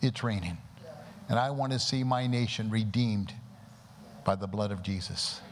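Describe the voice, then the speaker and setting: A man's voice: on the low side, steady tone, normal speed. Fervent preacher man in a reverberant hall. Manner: fervent, praying aloud and exhorting with rhetorical questions. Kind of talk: sermon. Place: church service before a congregation. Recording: long hall reverb with faint background noise.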